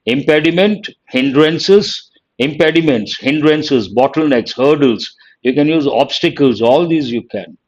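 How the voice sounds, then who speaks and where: A man's voice: a little high, measured pace, highs cut off. A man teaching a live online vocabulary lesson, reading out words one at a time and praising students by name.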